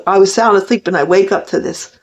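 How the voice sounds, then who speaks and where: Brisk and medium-pitched, an older woman vlogger delivers a confessional monologue straight to the camera. She rambles with sincere feeling and restarts often, and the recording is dull and lo-fi.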